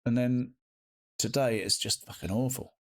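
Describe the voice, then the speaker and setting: Guy streaming, chatting to his viewers, swears a fair bit, mid-pitched everyday voice. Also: fairly even intonation, normal speed. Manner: chatty, greets viewers warmly, swears casually. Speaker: live streamer. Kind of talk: casual chat reading live chat.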